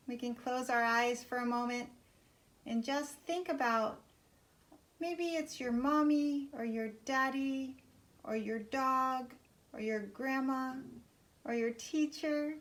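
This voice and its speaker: A woman leading a yoga class for young children at home, talking gently and encouragingly as she guides each step. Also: a little high.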